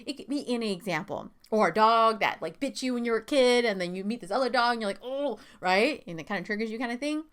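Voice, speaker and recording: A woman's voice: on the high side, animated, fast talker, few pauses. A woman hosting a self-help podcast, talking candidly and casually with lots of fillers and asides. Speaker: podcast host.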